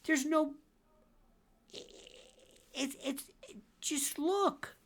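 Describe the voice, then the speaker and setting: A man's voice: extremely high pitch, very slow, fairly bright tone. A man in his sixties hosting a legal commentary show, emphatic and repetitive, swinging between exclamations and muttered asides. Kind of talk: opinionated commentary.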